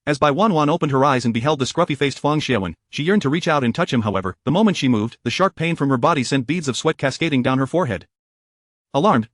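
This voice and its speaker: Fast dry male story narrator. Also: mid-range voice, no echo.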